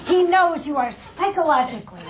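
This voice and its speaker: A woman's voice: sits high, expressive, normal speed, reverberant, some chatter behind, a little hiss or hum, low-quality recording. A woman speaker giving a humorous keynote talk, acting out the voices of the people she describes. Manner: comic, acts out quoted voices.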